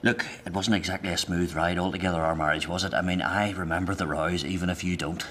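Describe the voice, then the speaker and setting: A prisoner, real low voice, guarded and sarcastic. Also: male voice, steady tone, fast talker, a bit bright, slight background noise. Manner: guarded, sardonic, sighing. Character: man in prison, gruff and defensive.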